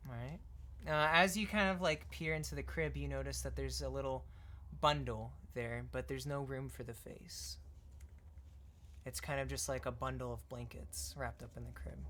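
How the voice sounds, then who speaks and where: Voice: mid-range voice, fairly even intonation, moderate pace, a bit bright. Casual game master narrating over noise. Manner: casual, with many fillers and "like".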